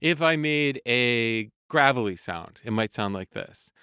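A man who coaches singers, explaining vocal function in a calm, measured podcast lesson. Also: medium pitch, smooth, no room sound, studio quality. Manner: calm, explanatory, demonstrates sung vowel sounds.

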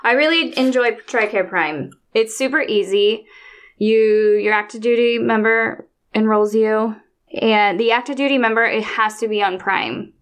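A woman's voice: on the high side, measured pace. Chatty woman podcast host. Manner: chatty, exasperated venting with mimicked quotes. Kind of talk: casual chat.

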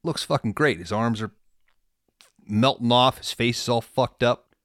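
A man's voice: medium pitch, unhurried, fairly bright tone, no room sound, studio quality. A man hosting a podcast, casually recapping a movie in a laid-back, profane storytelling way. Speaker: podcast host.

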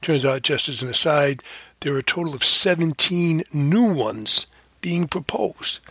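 A man's voice: a little high, lively intonation, a little slow, bright, forceful tone, slightly rough, no echo. A man hosting a casual commentary, rambling and correcting himself often with fillers. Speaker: podcast host.

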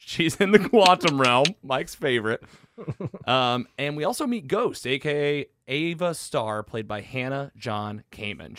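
A man's voice: mid-range voice, fairly bright tone, no room sound, clean studio sound. A man hosting a podcast, casually recapping a movie plot with enthusiasm and lots of fillers. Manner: enthusiastic, rambling with fillers and restarts. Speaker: podcast host reviewing a film.

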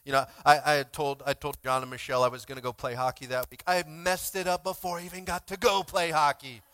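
A male pastor preaching a sermon informally, swinging between shouted exhortations and quiet asides, often asking the congregation to respond. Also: fairly high pitch, steady tone, fast. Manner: informal, frequent "like" and call-and-response.

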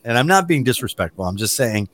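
Speaking quickly at a medium pitch, this middle-aged co-host recounts a story on a podcast in easygoing chat, bringing the quotes to life as an animated storyteller.

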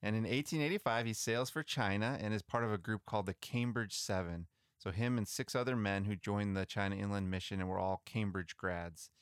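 Low, smooth-voiced man telling history. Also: brisk, no room sound, clean studio sound. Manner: relaxed, chatty, with frequent restarts and fillers. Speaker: podcast co-host. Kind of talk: casual storytelling about missionary history.

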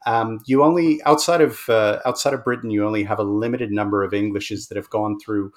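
A man's voice: on the low side, fairly even intonation, brisk. A man who studies language, a guest in a conversational interview, explaining with enthusiasm and many fillers.

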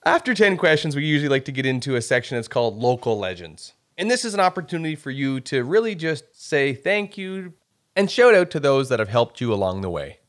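A male podcast host with a lively, swooping voice. He keeps the interview casual and chatty, cracking jokes and laughing often. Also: mid-range voice, a little fast.

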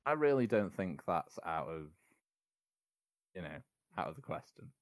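A man co-hosting a sports podcast, making dry, deadpan remarks. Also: low-pitched, moderate pace, no room sound. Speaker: podcast co-host. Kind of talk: casual podcast chat.

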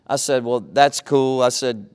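A middle-aged pastor delivers his sermon like a story told among friends. His voice sits at an ordinary pitch, and his tone stays earnest and conversational. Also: measured pace, darkish tone, clear, resonant tone.

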